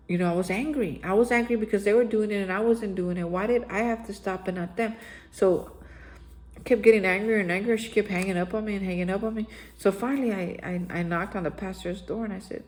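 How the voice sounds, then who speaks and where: A woman's voice: on the low side, normal speed, a little mellow, rough recording. A woman hosting daily recovery reflections, telling her own story in a candid, conversational way and speaking straight to her listeners.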